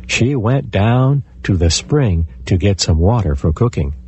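A man telling a folktale aloud in an expressive, animated way. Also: on the low side, measured pace, breathy edge, lo-fi sound. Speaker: storyteller. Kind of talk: oral folktale storytelling.

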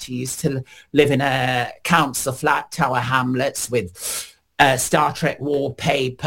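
A middle-aged man being interviewed, telling long rambling stories with many fillers and lively quoted voices. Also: medium pitch, vocal fry. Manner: slow, rambling, many fillers, animated when quoting others. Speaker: interviewee, singer. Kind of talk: casual interview storytelling.

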